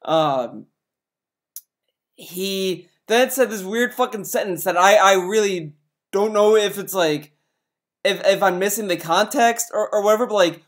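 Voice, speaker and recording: A man's voice: high voice, unhurried. A man hosting a casual reaction video, ranting in exasperation and swearing freely. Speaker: video host reacting to a review.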